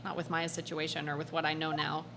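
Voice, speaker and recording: A woman voicing a tired young male defense lawyer in a game, reading his thoughts softly and low. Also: flat delivery, quick pace, creaky, heavy background noise. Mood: brooding.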